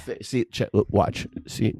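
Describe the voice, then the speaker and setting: A man's voice: moderate pace, dark tone, dry recording, studio quality. A man co-hosting a podcast in casual chat, hesitant and self-deprecating, often restarting his sentences. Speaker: podcast co-host.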